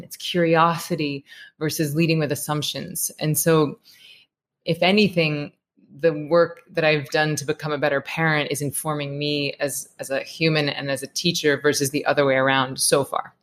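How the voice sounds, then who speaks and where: A woman in her thirties with a low voice speaks as a podcast guest. She talks reflectively and earnestly, pausing to find her words. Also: little pitch movement. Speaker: guest, meditation teacher. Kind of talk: podcast interview.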